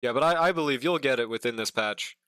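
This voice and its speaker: A man's voice: mid-range voice, quick pace, pushed and bright, smooth, no room sound, clean studio sound. A man streaming live, chatting casually while he draws, joking and cursing, humming to himself between remarks. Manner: joking, profane, hums to himself.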